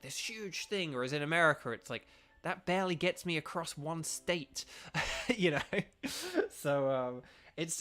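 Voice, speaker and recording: A bright, forceful mid-range voice belongs to a young gaming streamer from the United Kingdom. While playing, he talks casually to his viewers in a rambling way, dropping lots of fillers.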